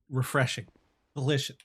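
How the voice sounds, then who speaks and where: A man streaming video games live, commenting excitably, swearing often and laughing a lot. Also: mid-range voice, a little hiss or hum. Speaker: game streamer.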